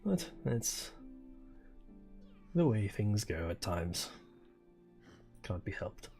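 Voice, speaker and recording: A young man in his twenties with a lowish voice talks quietly and easily as he streams a game. His delivery is soft-spoken and low-key. Faint game music plays underneath. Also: sing-song, extremely slow. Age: 20s. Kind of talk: casual chat while gaming.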